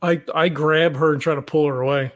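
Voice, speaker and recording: A man's voice: a little high, steady tone. A man playing in a tabletop game, talking casually and laughing along. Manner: casual, laughs, slow-spoken. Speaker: player.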